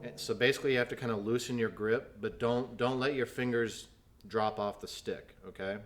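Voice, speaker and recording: A man's voice: mid-range voice, fairly even intonation, fairly quick, music in the background. A man teaching snare drum in a video lesson, explaining technique patiently and counting aloud as he demonstrates.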